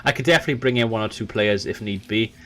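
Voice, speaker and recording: A gaming channel host with a lowish voice races through a let's play, chatting straight to viewers and calling the football match like a commentator. He's excitable, and his voice leaps up whenever a goal goes in.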